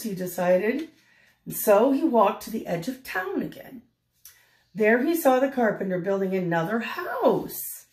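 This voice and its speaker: An older woman reading a picture book aloud in a gentle way, pausing to ask the listener questions. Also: fairly high pitch, animated. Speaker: storyteller. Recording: roomy echo.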